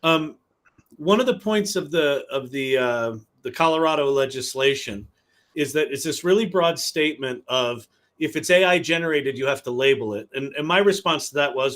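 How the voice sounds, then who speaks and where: A man's voice: medium pitch, expressive, normal speed, fairly bright tone. A man hosting an online discussion, commenting enthusiastically with stammering restarts. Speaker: host. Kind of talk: casual discussion.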